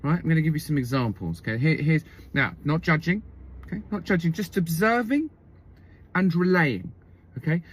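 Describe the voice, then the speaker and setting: A man's voice: fairly high pitch, lively intonation, normal speed, breathy edge. A man telling a comic story in a wry monologue, often checking in with "okay?" and "right?".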